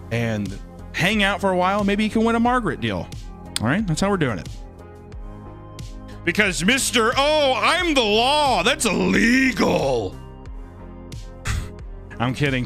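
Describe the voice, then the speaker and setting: A man's voice: fairly high pitch, sing-song, normal speed, fairly bright tone, faint music behind. A man chatting casually on a live stream while drawing, rambling and joking with crude humor.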